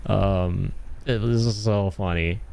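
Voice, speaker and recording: A man's voice: lowish voice, fairly even intonation, slow pace, creaky, darkish tone, a little hiss or hum. A young man with a North American accent, telling stories in a casual chat while streaming a game, laughing often and trailing off with fillers. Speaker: livestreamer.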